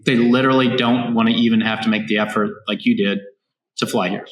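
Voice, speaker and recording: A man from Kansas, a farmer and robotics founder, telling his story as an interview guest in an animated, restart-filled way on a farm. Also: on the low side, fairly quick. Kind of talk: casual interview conversation. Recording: echoey room.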